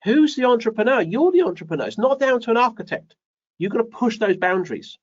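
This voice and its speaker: Hosting a live show, a man with an extremely high-pitched voice gives business advice at a quick pace. He's animated, asks lots of rhetorical questions, and repeats phrases. The recording sounds muffled.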